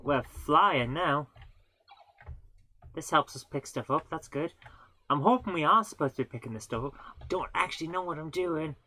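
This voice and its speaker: A woman's voice: low-pitched, expressive, moderate pace, sharp tone. A woman hosting a live gaming stream, chatting casually and laughing at her own mistakes as she plays. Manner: chatty, self-mocking, laughs often. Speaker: live-streaming game host. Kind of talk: casual live gameplay commentary.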